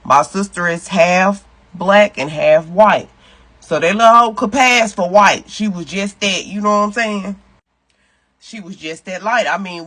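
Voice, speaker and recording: A man telling a personal story to camera in a sassy, profane, animated way, talking straight to his viewers. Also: high voice, breathy edge.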